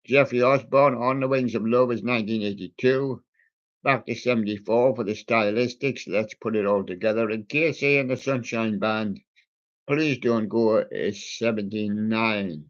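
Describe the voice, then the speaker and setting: A man's voice: fairly low pitch, normal speed, dull audio. A man hosting a music show, reading out song titles in a rambling, casual way with puns on the titles. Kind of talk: casual record-show chat.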